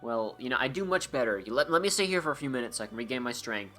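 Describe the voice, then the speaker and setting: A man giving let's-play commentary, reading game dialogue aloud and breaking off into joking, sarcastic rambles. His pitch sits in an ordinary middle range. Faint game music plays behind him. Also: lively intonation, fast, hardly any pauses, sharp tone. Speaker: gameplay commentator.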